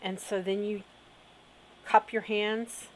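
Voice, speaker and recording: A middle-aged woman talks through a witchcraft lesson at a slow, unhurried pace. She checks in with her viewers often. Her voice sits at an ordinary middle pitch. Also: little pitch movement, a little hiss or hum. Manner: unhurried, frequent "okay?" check-ins. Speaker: witchcraft teacher. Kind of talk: instructional video talk.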